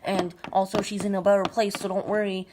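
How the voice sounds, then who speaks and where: A woman's voice: medium pitch, level tone, a little fast, lightly acted. Woman doing a breezy scheming priest. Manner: breezy, matter-of-fact. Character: scheming casual priest, offhand man. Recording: noisy recording with clicks.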